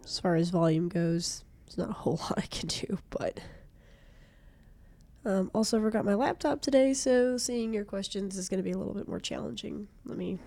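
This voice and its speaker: A young woman with a cold, her voice hoarse and stuffy, chatting casually and self-deprecatingly while streaming a game from a small room. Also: mid-range voice, animated, normal speed, warm tone, no room sound. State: congested from a cold.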